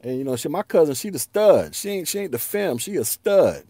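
Animated slangy man ranting on a podcast. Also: fairly high pitch, brisk, no echo. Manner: animated, slangy, laughs often, repeats himself. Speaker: podcast host. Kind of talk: casual solo podcast rant.

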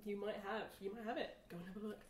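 A woman in her thirties, co-hosting a podcast and telling stories in lively casual chat. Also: medium pitch, very fast, crowd noise. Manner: animated storyteller who acts out voices. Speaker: podcast co-host. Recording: roomy, distant mic.

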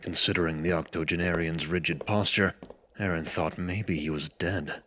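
A male narrator reading a story in a measured, even voice. His voice sits very low yet sounds bright and clear-edged. A faint hiss runs underneath. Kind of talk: scripted narration.

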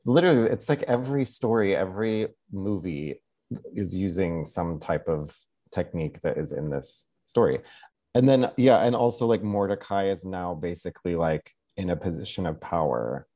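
A man co-hosting a podcast, retelling a story in a loose, animated way with crude jokes. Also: low voice, normal speed. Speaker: podcast co-host. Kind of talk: casual podcast chat.

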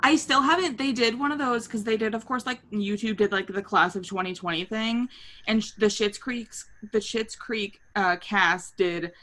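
A woman's voice: mid-range voice, normal speed, a bit bright. A woman co-hosting a podcast in casual chat, laughing hard and swearing freely as she retells favorite scenes. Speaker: podcast co-host.

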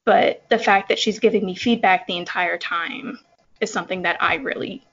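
Woman guest, soft-spoken, chatty with fillers, fry in the voice, dull recording. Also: mid-range voice, moderate pace. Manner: self-described soft-spoken and timid, chatty with many fillers. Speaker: horse rider guest. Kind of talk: casual podcast conversation.

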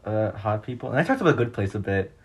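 A man co-hosting a casual podcast chat, telling stories in a rambling, excitable way full of fillers. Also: on the low side, fast talker, slight background noise. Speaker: podcast co-host.

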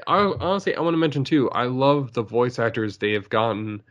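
A man co-hosting a casual podcast chat, excitable and laughing often, breaking into goofy voices. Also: mid-range voice, fairly quick. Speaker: podcast co-host.

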